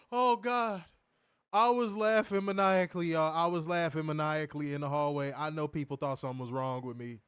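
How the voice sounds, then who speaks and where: A man's voice: a little high, fairly even intonation, normal speed, fairly bright tone, smooth, no room sound, clean studio sound. A young man co-hosting a casual review show over a call, laughing hard and talking loose and profane. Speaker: podcast co-host. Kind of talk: casual chat.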